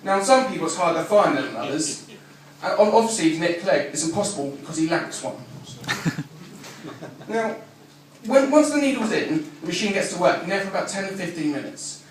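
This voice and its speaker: A man working a comedy club crowd, high-voiced and swinging widely in pitch as he fires off brash, crude punchlines. He sits well back from the microphone in a very echoey room. Clear audience laughter rolls in behind him. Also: a little fast, recorded from a distance, noisy background. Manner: deadpan one-liners, brash and crude. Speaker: stand-up comedian. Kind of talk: live stand-up routine.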